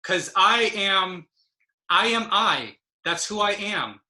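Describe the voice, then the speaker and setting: Woman poet, spoken-word reading over a video call, impassioned and emphatic, bright voice, unhurried. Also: medium pitch, animated. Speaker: poet and presenter.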